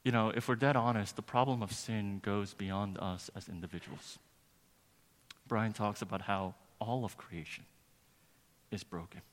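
A male pastor preaching a sermon, telling a story earnestly and building to emphatic preaching. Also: fairly low pitch. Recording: long reverb of a large hall.

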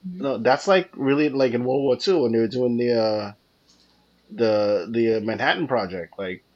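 A man's voice: mid-range voice, moderate pace, muffled recording. A man co-hosting a podcast in casual chat, chiming in with jokes and asides. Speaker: podcast co-host.

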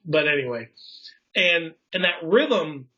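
A man's voice: fairly high pitch, animated, slow. A man with a somewhat raised voice chats about poetry in a loose, rambling way, full of fillers and restarts. He chuckles at his own slips and drifts into tangents. The sound is a bit dull and lo-fi. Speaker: poetry enthusiast explaining craft. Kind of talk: casual conversational explanation.

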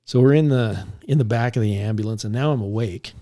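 A man, a police officer, recounting a story in a relaxed conversational way, laughing now and then as he talks. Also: fairly low pitch, fairly quick. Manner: animated, laughs while recounting.

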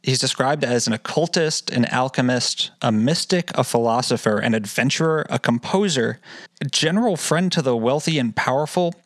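A man chats loosely on a podcast, restarting his sentences and dropping curses as he goes. His voice sits at a middling pitch and sounds close and dry, with no room echo. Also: normal speed. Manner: rambling, swears freely, restarts a lot. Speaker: podcast co-host. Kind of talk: casual podcast chat.

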